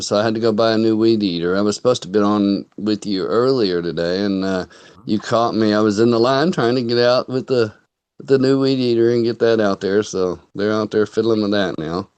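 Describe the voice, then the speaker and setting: A man's voice: lowish voice, fairly even intonation, fairly quick, darkish tone, clean tone, no room sound. A man co-hosting a casual online talk show, teasing and joking with his guest. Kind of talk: casual chat. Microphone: webcam microphone, off camera.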